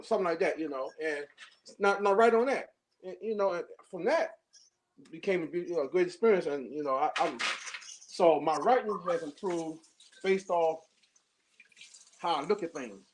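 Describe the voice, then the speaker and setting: Male poet, high voice, animated storyteller, casual. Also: normal speed, long pauses, a little hiss or hum. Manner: animated storyteller, acts out quotes. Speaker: poet, workshop student. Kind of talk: casual chat.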